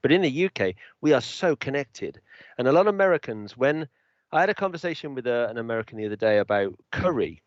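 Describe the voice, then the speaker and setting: An English man with a Birmingham-tinged accent chats casually on a podcast, spinning stories in British slang. His voice sits in a middle pitch. The sound is dry and a little dull, like a home mic. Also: big pitch swings, fast talker, no room sound. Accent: Birmingham English, mixed with London. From England. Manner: chatty storyteller, uses British slang. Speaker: podcast co-host. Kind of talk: casual chat.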